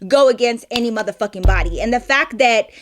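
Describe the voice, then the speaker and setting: A young woman with a fairly high voice tells a story straight to her viewers. She talks in a loose, animated way, swears a lot and keeps calling them y'all. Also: quick pace, a little hiss or hum. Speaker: vlogger telling a story. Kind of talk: casual storytime.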